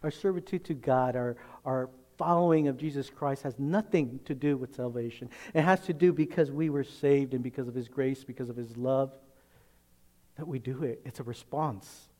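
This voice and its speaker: A man's voice: medium pitch, normal speed, darkish tone. A man preaching a sermon in a conversational way, asking the congregation questions and acting out little scenes. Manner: conversational preaching, rhetorical questions, acts out voices. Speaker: pastor.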